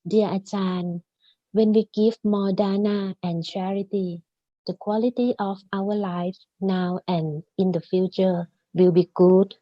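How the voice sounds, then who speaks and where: Slow-reading woman moderator, dry sound. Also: medium pitch, steady tone, dry recording, muffled recording. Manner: reads slowly and formally. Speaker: question reader and moderator. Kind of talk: reading out questions. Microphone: video call.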